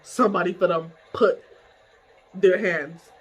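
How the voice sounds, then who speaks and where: A woman telling a story in a casual vlog from her bedroom. She is animated, laughs often and swears freely. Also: fairly low pitch, unhurried, slightly rough, low-quality recording.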